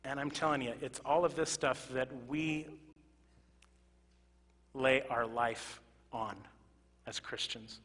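A male pastor preaching a sermon to his congregation, moving from loud emphatic exclamations to quiet, earnest asides. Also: medium pitch, slow, long pauses. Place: church sanctuary. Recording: reverberant church hall.

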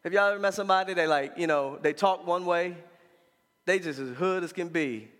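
A man preaching a sermon as pastor, talking frankly and colloquially and building to shouts. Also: sits high, a little fast, long reverb tail.

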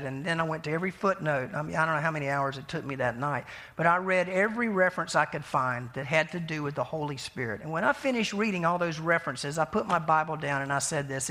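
High-voiced man telling a sermon story. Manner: conversational, animated testimony with self-deprecating laughs. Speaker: pastor.

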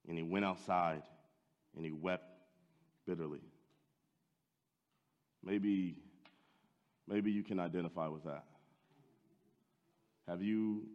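A man preaching a sermon, telling the story with drama and swinging from loud to hushed. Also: low voice, fairly even intonation, a little slow, pauses often, long reverb tail.

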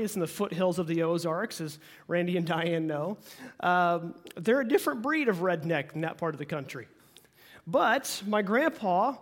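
A pastor from Oklahoma with a light Oklahoma accent, giving a sermon in a folksy, joking way. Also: male voice, high voice. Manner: folksy and joking, with playful asides.

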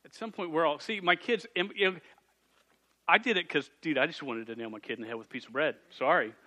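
A man's voice: fairly high pitch, fast, sharp tone. A man, a youth pastor preaching to students and parents in a jokey, self-deprecating storytelling way. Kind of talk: sermon to a youth group and parents. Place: church youth room.

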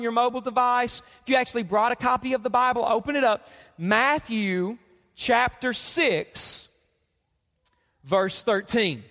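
A man preaching from a church stage with a very high voice. He talks to the room like a conversation and drives his main points home by saying them again. A long hall reverb trails after each phrase. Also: sharp tone. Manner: conversational, repeats key lines for emphasis. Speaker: pastor. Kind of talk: sermon. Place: church auditorium.

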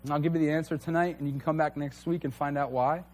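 A man's voice: a little high, fairly even intonation, quick pace, darkish tone. A man preaching a conversational sermon to a church congregation, earnest and candid. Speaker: pastor.

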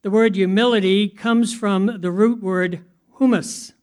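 A man's voice: high voice, steady tone, a little slow, darkish tone, clear, resonant tone. A man preaching a sermon in a conversational way, often asking his listeners questions. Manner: conversational, asks the audience questions. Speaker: pastor.

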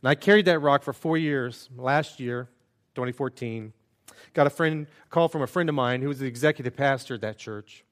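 Man, pastor, sermon, earnest, conversational, mid-pitched voice. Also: fairly quick. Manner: earnest and conversational, with self-deprecating asides.

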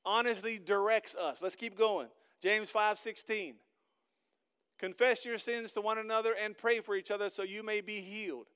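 A middle-aged man preaching a sermon as pastor, conversational and earnest, building to loud emphatic peaks. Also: sits high, fairly even intonation, normal speed, clean tone.

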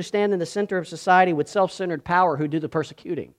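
A man preaching a sermon as pastor, moving from hushed, slow passages to loud, emphatic ones. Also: high-pitched.

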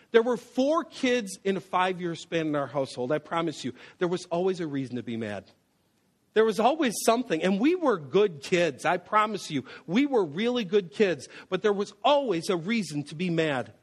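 A man preaching about anger in an animated, storytelling way, weaving in personal memories. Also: high-pitched, moderate pace. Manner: animated, storytelling, with acted quotes. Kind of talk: sermon on anger with personal stories.

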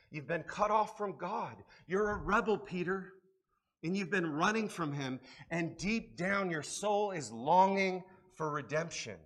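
Male pastor, church sermon with personal testimony, fairly high voice, impassioned delivery with hushed-to-emphatic swings. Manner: repeated rhetorical questions. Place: church service.

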